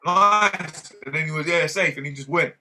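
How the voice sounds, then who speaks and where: A man's voice: a little high, little pitch movement, quick pace, pushed and bright, a little hiss or hum. A man telling stories in casual podcast chat, swearing freely and quoting people. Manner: swears freely, storytelling with quoted dialogue. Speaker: podcast co-host.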